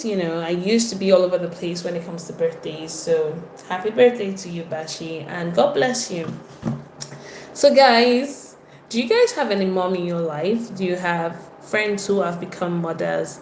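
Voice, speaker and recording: Nigerian lady on a livestream, chatting to viewers by name, mid pitch, echoey room w a bit of noise. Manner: chatty, greets viewers by name, lively exclamations. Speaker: livestream host. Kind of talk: casual livestream chat reading viewer comments.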